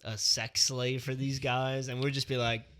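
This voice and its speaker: A man's voice: medium pitch, flat delivery, normal speed, a loud crowd. A laid-back man co-hosting a casual podcast, often chiming in with agreement. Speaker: podcast co-host. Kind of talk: casual chat.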